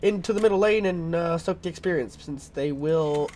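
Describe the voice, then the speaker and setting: A man commentating his own gameplay in a casual, rambling way, full of fillers and throat-clearing because he is sick. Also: a little high, normal speed, darkish tone, a little hiss or hum. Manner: rambling, filler-heavy, thinking aloud.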